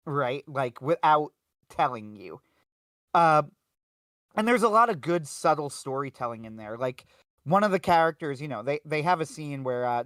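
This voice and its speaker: A man's voice: medium pitch, no echo. Chatty man in a dry room. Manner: animated retelling with frequent fillers and restarts. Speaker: podcast co-host. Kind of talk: casual livestream film discussion.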